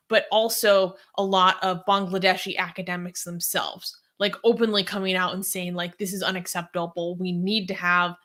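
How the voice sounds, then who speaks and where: A woman's voice: medium pitch, sharp tone. Woman co-host reading out news items. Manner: reads quotes aloud, then chats loosely. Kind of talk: reading news and casual chat.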